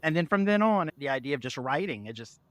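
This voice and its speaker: A man, a guest author, telling childhood stories in a lively conversational way and acting out the voices he quotes. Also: fairly high pitch, quick pace, dry recording. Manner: animated, acts out quoted voices, laughs often. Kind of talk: conversational storytelling.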